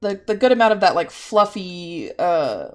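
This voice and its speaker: A woman's voice: on the low side, sing-song, moderate pace. A young woman chatting casually while she draws on stream. She giggles and swears freely. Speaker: streamer and artist.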